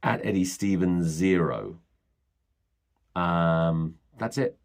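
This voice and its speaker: A man's voice: low voice, slow. A man hosting a solo podcast, rambling and swearing bluntly as he rants. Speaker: podcast host.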